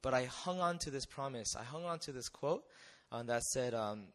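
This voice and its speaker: A young man telling a personal testimony to an audience in a conversational, animated way, often checking in with rhetorical questions. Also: medium pitch, moderate pace. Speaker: missionary speaker.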